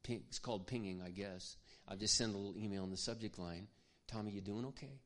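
A man preaching, telling a personal story in an earnest, confiding way that often drops to a hush. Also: lowish voice, fast. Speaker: pastor. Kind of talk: sermon storytelling.

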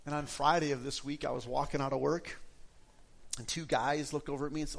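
A middle-aged man preaches a sermon like he is chatting, telling his own story with frequent restarts. His voice sits a little higher than most men's. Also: steady tone, brisk, gravelly. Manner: conversational, personal storytelling with repeated restarts. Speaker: pastor.

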